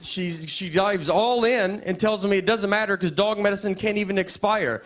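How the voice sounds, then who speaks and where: A middle-aged man doing a stand-up comedy set in a deadpan, halting style, with many restarts. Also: high-pitched. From Tennessee. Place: live comedy venue. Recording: live set with crowd laughter and noise.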